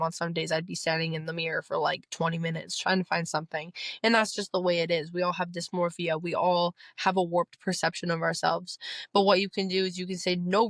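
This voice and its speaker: A woman's voice: on the low side, fairly bright tone, no room sound. Earnest young woman coaching the listener. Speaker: podcast host. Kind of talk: motivational self-help talk.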